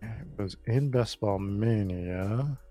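A man hosting a casual fantasy football podcast, talking in an animated way as he rattles through player lists. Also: fairly low pitch, takes it slowly, soft background music. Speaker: podcast host.

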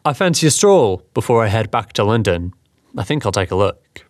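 Earnest young businessman, courteous and curious, low and dry, read by a man. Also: sing-song, a little fast, no echo. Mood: polite. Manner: polite, apologetic.

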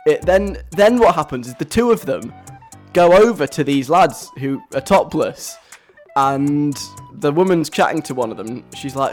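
A radio host in casual, animated chat, telling a story and acting out the voices of people overheard. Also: mid-range voice, moderate pace, soft background music. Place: radio studio.

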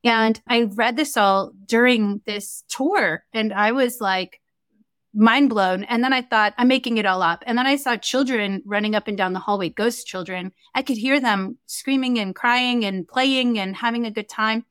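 A woman's voice: fairly high pitch, moderate pace, smooth, no echo. A young adult woman, a guest in a casual interview, telling a story and acting out the quoted dialogue. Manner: animated, acts out quoted dialogue. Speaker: guest, Akashic record reader.

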